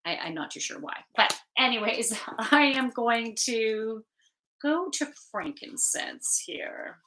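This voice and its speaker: Chatty woman doing a live card reading, bright voice, slow and easygoing, casual swearing. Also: on the high side, lively intonation, slight background noise, rough recording. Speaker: spiritual card reader and channeler.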